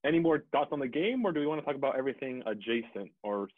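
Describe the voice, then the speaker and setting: Low-key guy hosting a podcast, sounds like he's on a phone line, dry. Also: expressive, very fast, no room sound. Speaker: podcast host. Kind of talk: casual chat.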